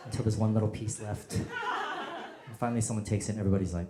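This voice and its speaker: A male stand-up comedian doing a set, animated and acting out quoted voices with loud bursts. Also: on the low side, quick pace, heavy background noise. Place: comedy stage before a live audience. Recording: echoey hall, audience laughter. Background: audience laughter.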